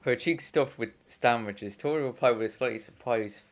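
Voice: mid-range voice, moderate pace. A young adult gamer casually reading a visual novel aloud, chatting between lines, laughing often and swearing under their breath. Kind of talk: casual let's-play with read-aloud game text.

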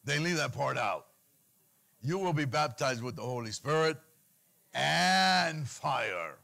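A man's voice: slow, vocal fry. A middle-aged man preaching a sermon, switching into pleading cries as he mimics worried believers. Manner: animated preaching, mimics anxious pleas in a higher voice. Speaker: pastor.

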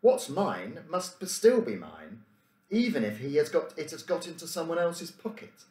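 An eager, cheeky little boy who argues and trips over his words, as a man puts him on. The voice is bouncy and animated, and it echoes off the room. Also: a little high, normal speed, pitched above the performer's own voice. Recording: roomy room echo.

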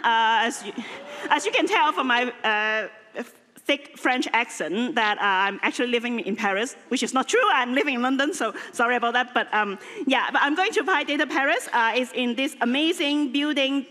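A woman's voice: fairly high pitch, expressive, normal speed, bright, forceful tone. A woman who grew up in Hong Kong giving a rambling, playful lightning-talk announcement full of fillers. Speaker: conference speaker. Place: large conference hall. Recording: reverberant hall.

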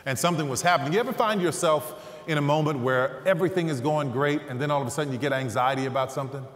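A man preaching a sermon through humorous, animated personal stories. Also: on the high side, fast. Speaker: guest preacher. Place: large church hall stage. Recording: echoey hall, faint ambience.

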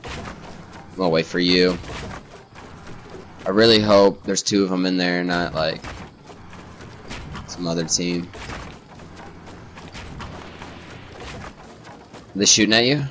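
A man's voice: low voice, flat delivery, slow, pauses often, a little hiss or hum. A young man streaming a shooter match, nervous and rambling, swearing about how scared he is, with game gunfire behind him. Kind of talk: casual gaming chat.

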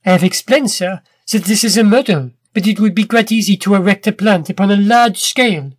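A man voicing a sly, sneering male inventor who mocks his captives in smooth, cruel tones. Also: sits high, fairly quick, dry recording. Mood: evasive. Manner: smooth, mocking, then stammering when scared.

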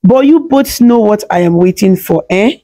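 Storybook role: woman voicing a kind old village grandmother, warm, teasing, mellow tone. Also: mid-range voice, lively intonation, moderate pace, close to an everyday voice.

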